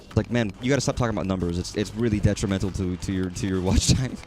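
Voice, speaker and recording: A man's voice: low-pitched, fast talker, darkish tone, slight background noise. A man chatting casually while streaming a game, rambling and swearing at enemies. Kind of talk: casual gaming commentary.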